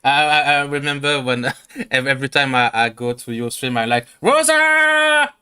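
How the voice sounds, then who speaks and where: A man's voice: medium pitch, level tone, moderate pace, sharp tone, smooth. A man hosting a podcast interview, hesitant and stammering, laughing often. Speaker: podcast host.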